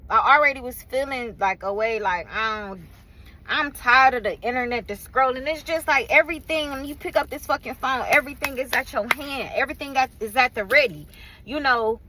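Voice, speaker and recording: Woman, casual rant, frustrated, weary, profane, rambling, filler-heavy, sharp bright voice, recorded in a car. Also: high voice, fairly quick, slight background noise, rough recording. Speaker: vlogger and small business owner. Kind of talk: casual venting rant to camera.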